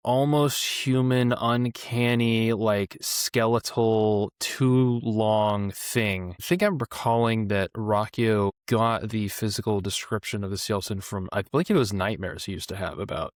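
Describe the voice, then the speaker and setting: A man's voice: fairly low pitch, steady tone, a little slow, few pauses, no echo, studio quality. A man hosting a book club podcast, talking eagerly about a novel with lots of fillers. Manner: enthusiastic, filler-heavy. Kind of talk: casual book discussion.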